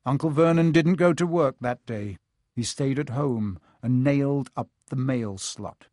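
A man narrates a storybook with measured, expressive pacing. His voice sits at a middle pitch. It is dry and close with no room sound. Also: dry recording. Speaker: audiobook narrator.

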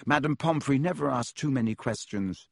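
A man voicing a teenage schoolboy wizard who speaks quickly and reassuringly. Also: mid-range voice, gravelly, dry recording, clean studio sound.

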